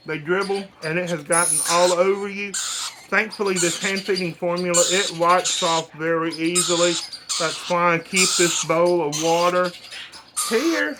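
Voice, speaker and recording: A man talking bluntly and casually while hand-feeding baby birds, cooing to them now and then. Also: noisy background. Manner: chatty and blunt, coos to the birds in a high voice. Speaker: bird breeder. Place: indoors with birds.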